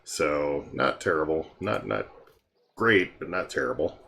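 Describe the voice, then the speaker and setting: A tired, yawning man casually walking through a mobile game's heroes, relaxed and meandering with frequent ums. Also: a bass voice, a little slow, creaky, a little hiss or hum. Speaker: game guide creator. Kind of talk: casual game walkthrough commentary.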